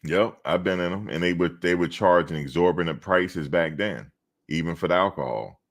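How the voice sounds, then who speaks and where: He has a low-pitched voice and keeps a moderate pace. A reaction streamer, he's casually chatting on a livestream, telling loose, rambling stories aimed straight at his viewers.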